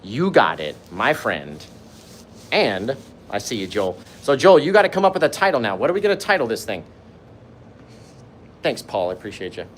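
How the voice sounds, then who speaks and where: A man's voice: medium pitch, big pitch swings, normal speed, pauses often, echoey room, recorded from a distance, slight background noise. A man in his forties hosting a live painting lesson, enthusiastic and playful as he reads viewers' comments aloud and jokes with them. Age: 40s. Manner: enthusiastic and playful, joking and gushing. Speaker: painting instructor and live stream host. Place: painting studio.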